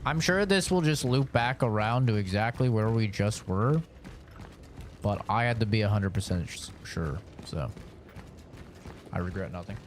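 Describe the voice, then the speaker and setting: A man's voice: lowish voice, lively intonation, moderate pace, slight background noise. A man streaming a horror game live, chatting casually and teasing viewers with plenty of swearing. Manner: teasing, profane, rambling.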